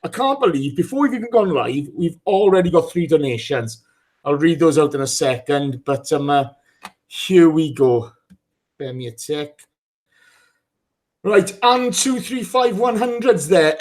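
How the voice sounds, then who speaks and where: With a voice on the high side and a darkish tone, this man sounds animated yet keeps a measured pace. He hosts a casual live football podcast, teasing his co-hosts, swearing a lot, and reading out names sent in by listeners.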